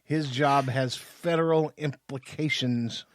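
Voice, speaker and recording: Joking co-host, dry close sound. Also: male voice, mid-range voice, fairly even intonation, takes it slowly, no echo. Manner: joking, banters, playful. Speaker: podcast co-host. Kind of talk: casual chat. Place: studio.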